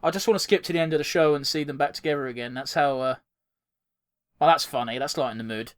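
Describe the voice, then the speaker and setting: Young male podcast co-host, high-pitched, excitable and profane, casual chat. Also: quick pace. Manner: excitable, swears freely, laughs often.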